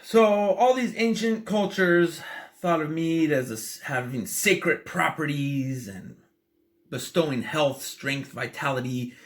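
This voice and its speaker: A man's voice: on the high side, slow pace. A man talking casually in a vlog, chatty and enthusiastic, rambling with plenty of fillers as he tries a drink. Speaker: vlogger tasting drinks.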